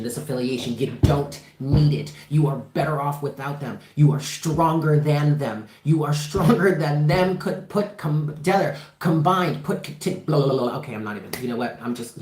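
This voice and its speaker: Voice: medium pitch, darkish tone, a little hiss or hum. A tarot reader doing a livestreamed reading in an emphatic, impassioned way, swearing freely and repeating phrases for emphasis. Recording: roomy echo.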